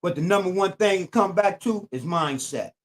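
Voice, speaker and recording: A man's voice: sits high, animated, moderate pace. Older man preaching in AAVE. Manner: preachy, repetitive, emphatic. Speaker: YouTube channel host. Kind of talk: streetwise commentary monologue.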